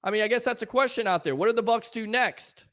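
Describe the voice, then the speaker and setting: Fast and high-voiced with a bit of brightness, this man runs a call-in sports talk show after his team lost. Frustration drives his emphatic delivery and a stream of rhetorical questions.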